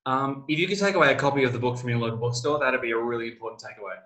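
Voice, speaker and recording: A middle-aged man, an author talking as a guest in a casual interview, telling stories and acting out quotes with sudden jumps in pitch. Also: racing, poor audio. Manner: animated storyteller, acts out quoted lines with big pitch jumps.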